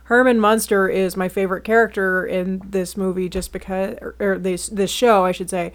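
A woman's voice: mid-range voice, steady tone, moderate pace. A woman co-hosting a casual podcast, chatty and full of "like". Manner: chatty, fills with "like". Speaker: podcast co-host. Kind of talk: casual chat.

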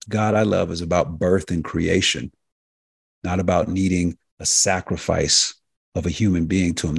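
Low gravelly-voiced male radio host. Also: no echo, studio quality. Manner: emphatic, repetitive, preacher-like cadence; addresses listeners directly as folks and healers. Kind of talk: health talk radio monologue.

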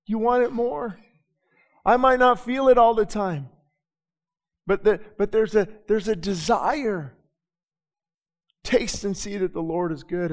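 A male pastor preaching a sermon to his congregation, talking in a conversational way that swells into impassioned, urgent pleading. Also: high-pitched. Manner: impassioned, swings from quiet to loud; repeats words and restarts, conversational. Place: church sanctuary before a congregation. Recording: long reverb of a large hall.

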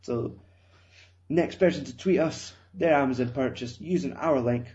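A young Scottish man talks through a podcast in a loose, rambling way, swearing and laughing at himself. His voice sits at an ordinary middle pitch. The sound is dull and lo-fi. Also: moderate pace, darkish tone. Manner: rambling, self-mocking, swearing. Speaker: podcast co-host. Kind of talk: casual chat.

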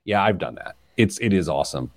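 A man in his forties hosting a personal finance podcast, telling stories in an animated way, laughing often and wandering off on tangents. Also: sits low, a little fast. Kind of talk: casual chat.

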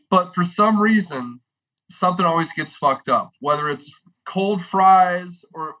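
Young male podcast regular, comic rant, bright tense tone. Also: on the high side, rough recording. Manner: animated, exaggerated comedic delivery with swearing. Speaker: podcast regular with a comedic food segment.

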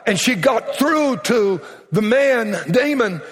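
A man's voice: very high-pitched, expressive, slow pace. A man preaching a sermon, telling a story dramatically and acting out the quotes. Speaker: pastor. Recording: long hall reverb.

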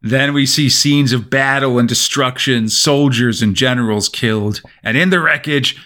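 A man co-hosting a podcast, casually retelling a comic's plot with lively storytelling and lots of "sort of" hedges. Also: medium pitch. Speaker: podcast co-host. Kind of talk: casual chat recapping a comic.

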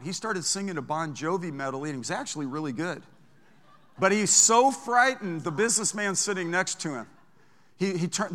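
A bright-toned, high-voiced man preaches a storytelling sermon. His delivery is animated and anecdotal, swinging between hushed and loud. A long reverb hangs in a large church sanctuary. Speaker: pastor.

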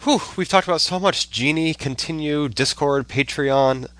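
Gentle male podcast host. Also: a little high, moderate pace, no room sound. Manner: gentle, thoughtful questions. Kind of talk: casual interview chat.

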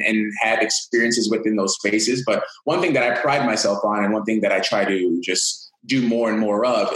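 A man's voice: on the low side, a bit bright, roomy sound, poor audio. A man who works as a fitness coach, giving upbeat, motivational answers in an interview. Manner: upbeat, motivational, talks in long flowing runs. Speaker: fitness coach, podcast guest.

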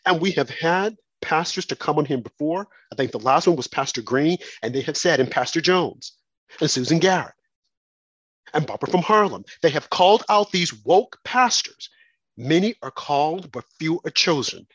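A man hosting a talk radio show, delivering a fervent, emphatic, preacherly monologue in a husky voice. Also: a little high, animated, moderate pace, fairly bright tone, no echo, dull audio.

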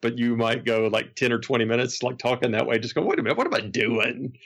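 A man's voice: mid-range voice, animated, quick pace, a bit bright. A man who is a podcast guest, casually telling rambling anecdotes with frequent chuckles and restarts.

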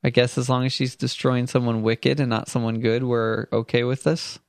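A man's voice: medium pitch, flat delivery, normal speed, no room sound, clean studio sound. A man co-hosting a podcast, chatting casually and playfully with frequent laughs. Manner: playful, laughs often, jokey asides. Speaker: podcast co-host.

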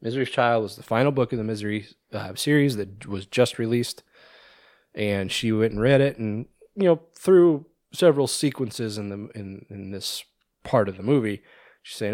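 A man's voice: medium pitch, moderate pace, a little mellow, no room sound, clean studio sound. A man co-hosting a podcast, casually retelling a movie's plot with lots of ums and restarts. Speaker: podcast co-host.

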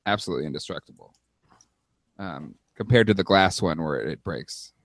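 Male podcast co-host, low lively voice, dry close-miked casual banter. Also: a little fast, no echo. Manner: animated, jumps in pitch when excited. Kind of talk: casual chat.

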